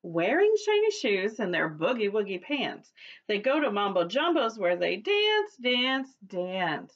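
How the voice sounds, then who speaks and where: A woman's voice: medium pitch, huge pitch swings, unhurried, lo-fi sound. A woman preschool teacher reading a picture book aloud to young children, with a cheerful sing-song voice that leads call-and-response chants.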